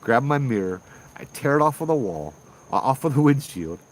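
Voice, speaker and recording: A man with a Hawaii local accent telling a ghost story casually, animated, acting out the voices of people in it. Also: mid-range voice, normal speed, a little hiss or hum, rough recording. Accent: Hawaii local English. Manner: animated, acts out voices in dialogue. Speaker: ghost tour guide and storyteller.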